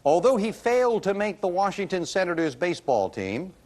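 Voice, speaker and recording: A man hosting a game show, reading questions and scores in a brisk, upbeat manner. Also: high voice, sing-song, darkish tone. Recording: old broadcast tape with studio audience noise.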